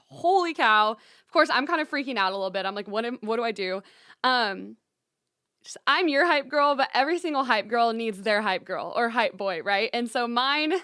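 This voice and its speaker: A bubbly woman in her twenties hosts a solo podcast, chatting with upbeat energy to her listeners. Her voice sits fairly high and sounds smooth and clear, recorded close and dry in a small studio. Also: sharp tone, no room sound. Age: young adult; 20s. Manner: bubbly, upbeat, says "y'all" and "you guys" often. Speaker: podcast host.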